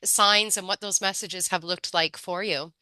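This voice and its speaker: A woman's voice: lowish voice, fairly even intonation, measured pace, bright, forceful tone, clear, resonant tone, dry recording, low-quality recording. A woman hosting a podcast interview, asking friendly, rambling questions in a conversational way. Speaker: podcast host.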